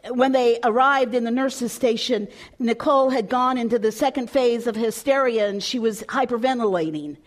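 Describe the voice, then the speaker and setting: A woman pastor tells stories in her sermon, speaking expressively and sometimes dropping to a soft hush. Her voice sits high.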